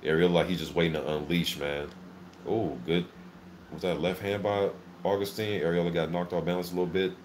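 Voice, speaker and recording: A man hosting a casual live boxing reaction, calling the action play-by-play in an excitable, filler-heavy way. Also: low voice, a little fast, a little hiss or hum. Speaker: boxing channel host. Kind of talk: live fight commentary reaction.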